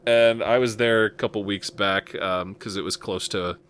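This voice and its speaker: A man's voice: fairly low pitch, fairly even intonation, normal speed, a bit bright, slight background noise. A man from Nebraska hosting a podcast in casual chat, rambling with lots of fillers and chuckles. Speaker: podcast host.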